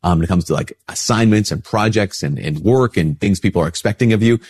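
A middle-aged priest hosting a casual spiritual talk, stuffy-nosed from a cold, chatting easily and acting out little dialogues. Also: male voice, brisk, darkish tone, breathy edge. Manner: conversational, acts out little dialogues with rising pitch. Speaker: priest and show host.

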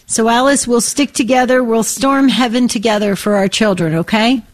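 A woman co-hosting a call-in radio show, speaking warmly and with care to callers. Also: a little high, fairly even intonation, normal speed. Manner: warm, caring, prayerful.

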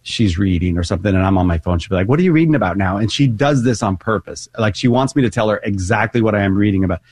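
A man's voice: fairly low pitch, fast talker, husky, dry recording, clean studio sound. A middle-aged man co-hosting a radio talk show, chatting casually and mocking himself with frequent laughter. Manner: animated, laughing often, self-mocking. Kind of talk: casual chat.

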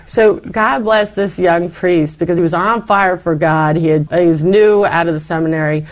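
A middle-aged woman recounts her own story to an interviewer. She talks in a lively, animated way, often slipping into quoted lines of what she once said. Her voice sits a little low for a woman. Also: moderate pace. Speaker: interview guest. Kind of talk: personal testimony in conversation.

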